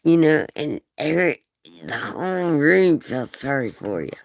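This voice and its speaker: Lady cussing and baby-talking her dog, slow drawl, gravelly. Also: sits low, very animated, no echo. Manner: profane, playful baby-talk to a dog, giggly. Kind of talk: casual rambling vlog to camera.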